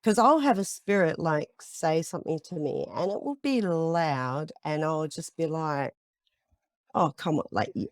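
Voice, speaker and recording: A woman's voice: deep voice, animated, measured pace, few pauses, dry recording, studio quality. A woman, a psychic paranormal investigator, telling stories in casual podcast chat with lots of fillers. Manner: chatty storytelling with many fillers.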